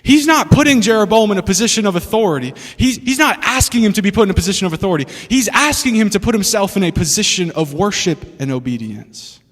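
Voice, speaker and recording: Young male preacher, high bright voice, lively and chatty with the crowd; long hall reverb. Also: fast talker, hardly any pauses. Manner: animated, laughing asides, asks the room questions. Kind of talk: sermon. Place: church hall with an audience.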